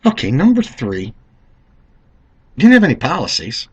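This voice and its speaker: A man's voice: medium pitch, wildly swooping pitch, moderate pace, darkish tone, slightly rough, highs cut off. A man of Italian heritage giving a rambling, sarcastic political commentary monologue, talking straight to the listener.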